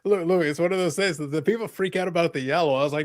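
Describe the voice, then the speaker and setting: A man hosting a casual live podcast, reading viewer comments and getting excited as he chats. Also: fairly high pitch, no room sound, studio quality. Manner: fast, excitable, reads viewer comments aloud. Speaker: podcast host.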